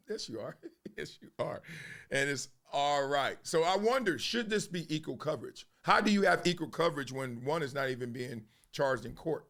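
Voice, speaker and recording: A man's voice: a little high, brisk, fairly bright tone. A man hosting a sports commentary show, talking loosely with slang and frequent laughs. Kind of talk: casual monologue turning into a rap.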